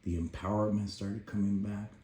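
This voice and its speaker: A man telling a personal story about helping his baby daughter, animated as he acts out his past shouts, then quieter and reflective. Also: fairly low pitch, normal speed, reverberant, a little hiss or hum.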